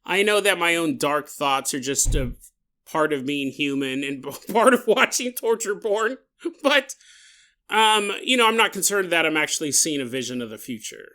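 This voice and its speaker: A man hosts a podcast and tells a strange story casually. He jokes and slips into little acted scenes. His voice has a bright, forward tone. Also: on the high side, normal speed. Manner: animated, joking, acts out scenes. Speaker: podcast host.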